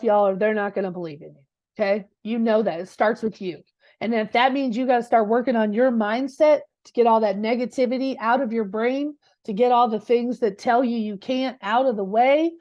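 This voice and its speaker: Woman, real estate coach, fervent motivational speaker, slightly high voice, lo-fi audio. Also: a little mellow. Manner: passionate, preachy, Southern-casual with "y'all" and "girl".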